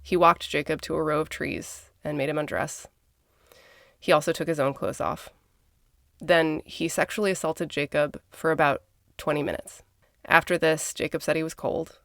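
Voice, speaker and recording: Gravelly woman podcast co-host from Minnesota, casual true-crime storyteller with blunt asides, dry close sound. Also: low-pitched, no room sound. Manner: conversational, blunt asides and swearing.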